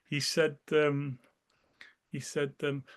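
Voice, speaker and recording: A man's voice: fairly high pitch, monotone, slow pace, clear, resonant tone. A man being interviewed, casually recalling memories in a rambling way, often restarting his sentences and acting out the people in his stories. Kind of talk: casual spoken recollection.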